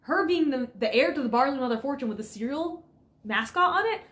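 Animated sarcastic woman chatting. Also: sits high, quick pace. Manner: animated, sarcastic, acts out characters' lines. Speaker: co-host. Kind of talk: casual reaction podcast chat.

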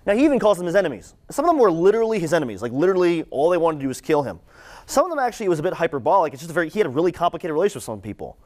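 A man's voice: fairly high pitch, very animated, rapid-fire, darkish tone. A man giving a casual, conversational sermon to students. He repeats his questions for emphasis and adds "right?" and "like" along the way. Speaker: campus ministry speaker.

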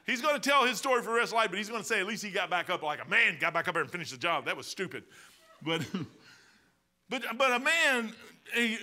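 A man in his sixties with a Midwestern American accent, preaching a sermon as pastor, telling stories with swings from loud outbursts to quiet asides. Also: high-pitched. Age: 60s.

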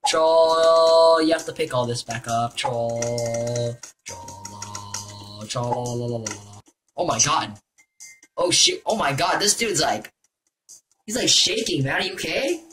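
A young man giving excitable, jokey commentary while playing a video game. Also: medium pitch, slow, soft background music. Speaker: gaming YouTuber. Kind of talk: gameplay commentary.

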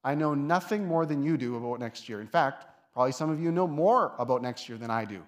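A man's voice: medium pitch, expressive, fairly quick. Conversational man preaching a sermon. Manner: conversational, with soft asides and lifted emphasis. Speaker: lead pastor. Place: church sanctuary.

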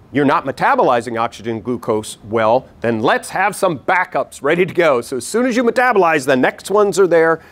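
Man, workshop presenter, lively and demonstrative, repeats points, audience in the room. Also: mid-range voice. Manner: animated, acts out voices to demonstrate; repeats key points for emphasis. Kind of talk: live teaching talk to an audience. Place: meeting room with a live audience.

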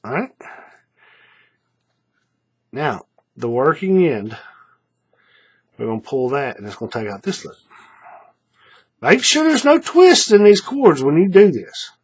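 A man with a slightly husky, breathy voice explains a paracord craft as he works with his hands. His pitch rises and falls in a lively way, and he keeps checking in with "right?" as he repeats each step. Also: a little slow, pauses often.

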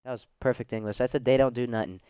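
A man's voice: mid-range voice, steady tone, fast, dark tone, smooth, dry recording. A man with a Southern US accent giving chatty, goofy let's play commentary, talking straight to his viewers. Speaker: gaming channel host.

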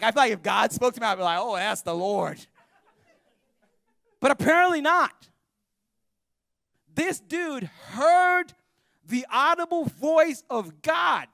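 A male pastor preaching a sermon in a joking, animated storytelling manner. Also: very high voice, gravelly, no room sound, clean studio sound. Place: church.

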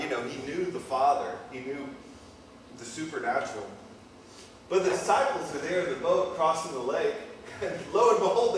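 A man preaching a casual, chatty sermon, full of asides and quick "okay?" checks with his listeners. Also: on the high side. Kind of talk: informal sermon. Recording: very echoey, distant mic, faint noise.

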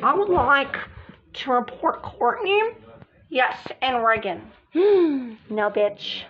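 A woman doing a whole cast of quarrelling girls in a homemade toy drama, her voice sitting a little high and leaping all over as she switches from one character to the next with gasps and yells. The sound is dull and lo-fi, like a cheap home recording. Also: sing-song. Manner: squabbling, quick jumps between characters, gasping and shouting. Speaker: hobby drama performer voicing several characters. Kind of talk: home-made doll drama role-play.

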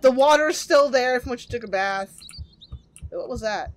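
A woman's voice: on the high side, moderate pace, slight background noise. A woman playing a horror game and commenting casually, chatty and reactive, with jokes and swearing. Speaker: game streamer. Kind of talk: let's play commentary.

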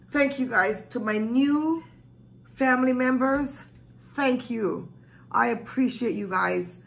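Gravelly-voiced woman, tearful and gushing. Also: fairly high pitch, fairly bright tone, rough recording. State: tearing up. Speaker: mukbang vlogger. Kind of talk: heartfelt thank-you talk to viewers.

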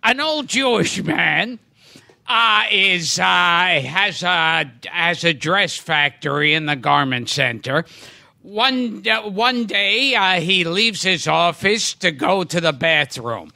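Very high, gravelly-voiced man. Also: animated, pushed and bright, dry recording. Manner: slow, drawn-out comic delivery. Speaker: podcast host. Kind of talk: telling a dirty joke.

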